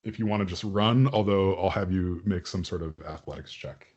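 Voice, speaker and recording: A man's voice: sits low, normal speed, darkish tone, husky, muffled recording. A man running a tabletop game as game master, describing scenes loosely with many fillers.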